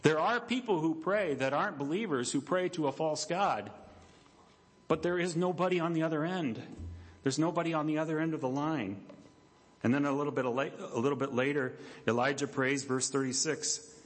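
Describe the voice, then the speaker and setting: A man, the pastor, preaching a sermon in a church, animated and conversational, dropping low and quiet for emphasis and acting out quoted voices. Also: moderate pace. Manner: animated preaching, acts out quoted voices with big pitch jumps. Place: church sanctuary.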